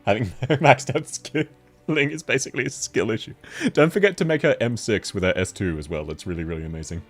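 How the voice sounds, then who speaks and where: A man's voice: on the low side, lively intonation, a little fast, soft background music. A man with an Australian accent, chatting casually on a game stream, laughing often as he answers chat.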